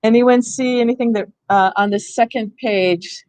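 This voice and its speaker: A woman's voice: a little high, fairly even intonation, moderate pace, darkish tone, no room sound, poor audio. A woman training teachers in a hands-on reading workshop, explaining step by step and thinking aloud. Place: school room.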